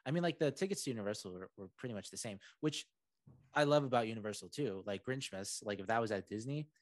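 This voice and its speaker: A man's voice: on the low side, lively intonation, quick pace, no room sound. A man hosting a podcast, talking casually and rambling with lots of fillers. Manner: rambling, many fillers and restarts. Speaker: podcast host.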